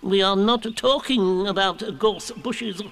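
A man's voice: extremely high pitch, sing-song, measured pace, vocal fry, a bit bright, dry recording, pitched above the performer's own voice, heavily acted. A man voicing a pompous, know-it-all male owl in a storybook reading, talking down to his friends. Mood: superior. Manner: superior, lecturing.

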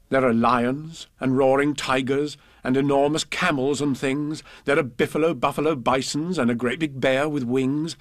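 A man reading children's poems and a storybook aloud in a gentle, expressive way. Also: medium pitch, dry recording. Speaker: reader.

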